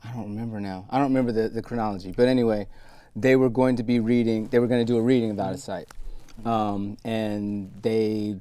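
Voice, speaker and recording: A man who is a guest actor, chatting casually in an interview, telling relaxed stories and laughing easily. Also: fairly low pitch, quick pace, clean tone, dry recording.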